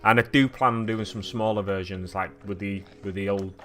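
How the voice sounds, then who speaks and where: This Stockport man, from England's Manchester area, has a fairly low, steady, fairly bright voice and talks briskly. He's at his home painting setup, streaming live, reading out viewers' messages and replying casually.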